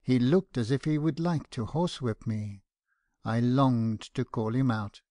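A man's voice: medium pitch, warm tone, no echo. Man narrating an audiobook, dry and close. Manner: measured, earnest storytelling. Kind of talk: first-person audiobook narration.

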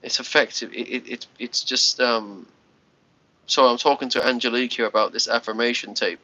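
A man chatting to viewers on his live stream, tired, rambling and halting with many restarts. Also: mid-range voice, steady tone, sharp tone. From United Kingdom. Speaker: livestream host. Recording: lo-fi muffled livestream audio.

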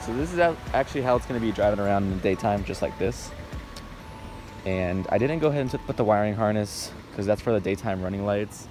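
A man talking casually and excitedly to the camera in a DIY vlog while working on his truck outdoors, often saying "dude" and "bro". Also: lowish voice, fast, over music. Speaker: DIY car vlogger.

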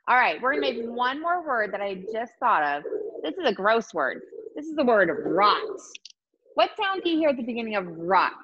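A woman teacher leads a virtual lesson for small children, her voice a little high and swinging widely up and down. She is encouraging and sing-song, stretching out letter sounds. The audio is dull and lo-fi, like a video call.

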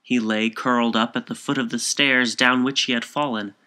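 A man reading a short story aloud as narrator in a measured, composed way. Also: mid-range voice, steady tone, sharp tone.

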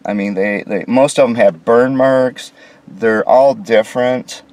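This is an American vlogger reviewing a tiny hotel room, his casual narration full of sarcastic, indignant complaints. His medium-pitched, slightly mellow voice moves a little slowly, and there's no room sound.

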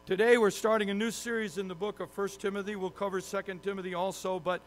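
High-voiced male pastor telling a funny story. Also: little pitch movement, quick pace. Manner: self-deprecating storyteller, acts out his own frustration. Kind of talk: sermon with humorous personal story. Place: church sanctuary.

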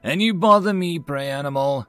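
A man's voice: on the high side, normal speed, no echo, soft background music, pitched above the performer's own voice, close to an everyday voice. A man putting on a towering beaked alien veteran, newly out of the army and hostile to everyone around him. He talks in stiff, formal, clipped sentences and barks when crossed, in a raised voice. It is a storybook voice, dry and close. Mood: cold. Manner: curt, formal and commanding, yelling at times. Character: giant beaked alien ex-soldier, male, gruff and hostile.

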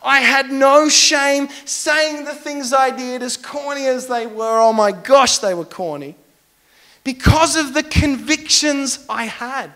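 Young guy preaching, pretty high voice, tells stories all animated and laughs at himself. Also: slow. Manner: animated, self-mocking storyteller. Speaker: pastor. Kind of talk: storytelling sermon.

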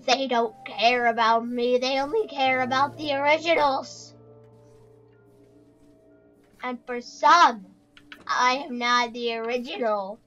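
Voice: high voice, a little slow, bright, forceful tone, highs cut off, faint music behind. A performer voicing a sulking, forgotten male animatronic bear in a comedic skit, talking in a whiny, rambling, self-pitying way.

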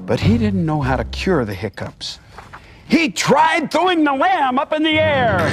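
Brief: older man, theatrical storybook reader, slow and lively, music underneath. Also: very high voice. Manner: theatrical, playful. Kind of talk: dramatic children's story reading.

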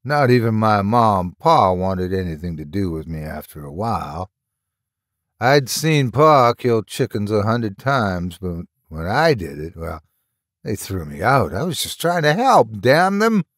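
A man voicing a nervous young male killer who talks in rough backwoods speech and stammers. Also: fairly low pitch, very animated, measured pace, fairly bright tone, dry recording, clean studio sound. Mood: resentful.

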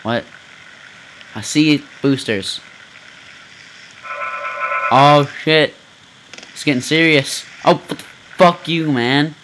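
A man giving loud, profane let's play commentary from home, often yelling as he reacts to the game. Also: fairly high pitch, slow, pauses often, background noise. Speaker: gamer.

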